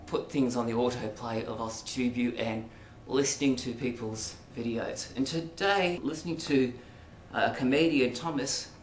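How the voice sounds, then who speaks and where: An Australian man talks through a casual monologue to camera, rambling and hesitant, with frequent ums and asides. His voice sits at an ordinary middle pitch. The room around him is echoey, with a faint hiss behind. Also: fairly bright tone. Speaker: vlogger. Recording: roomy echo, faint background noise.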